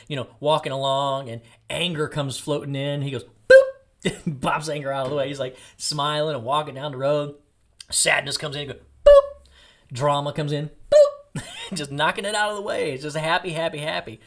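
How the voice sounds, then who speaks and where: A middle-aged man from Texas, a podcast host giving a blunt, jokey motivational monologue. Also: fairly high pitch.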